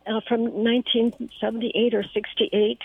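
A woman's voice: on the high side, little pitch movement, moderate pace, husky, no echo. A woman calling in to a radio show, talking in a hesitant way with many fillers and restarts. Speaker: caller. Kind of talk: call-in chat. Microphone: telephone. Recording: phone line into the studio.

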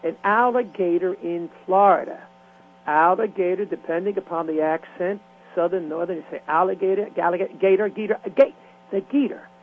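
An older man, a veteran radio disc jockey telling stories in an interview with lively, rhyming patter. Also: high-pitched, moderate pace. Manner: animated rhythmic storytelling, rhyming patter. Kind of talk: storytelling interview. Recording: tinny phone line with faint hum.

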